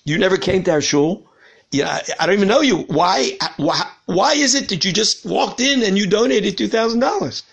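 A man voicing a busy rabbi in a story, eager and questioning, in his own husky, gravelly voice. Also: high-pitched, lively intonation, moderate pace, exaggerated voice. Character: busy, surprised rabbi, grateful and curious.

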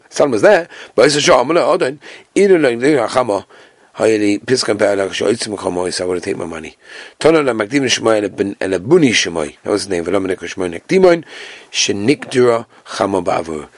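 A man teaching a Talmud class with Yeshivish Ashkenazi Hebrew pronunciation, reading the text and telling the story with animated storytelling. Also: fast talker, no room sound. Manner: animated storytelling, acting out characters with big jumps in pitch.

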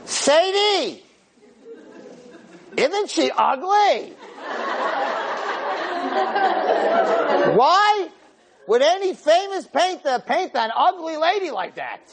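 A man voicing a loud, fussy old American Jewish grandmother, shrill and indignant. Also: very animated, slow pace, gravelly, pauses often, over a noisy crowd, heavy background noise, full character voice. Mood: scornful.

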